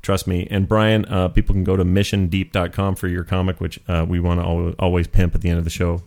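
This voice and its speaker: A man's voice: low voice, flat delivery, brisk, darkish tone. A young man hosting a podcast in casual chat, joking and goofy. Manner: joking, goofy, self-mocking. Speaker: podcast host.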